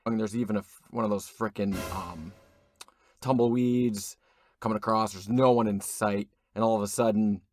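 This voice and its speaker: A man, an actor and guest, telling an absurd comedic story in a rambling, deadpan way with fillers and restarts. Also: on the low side, normal speed.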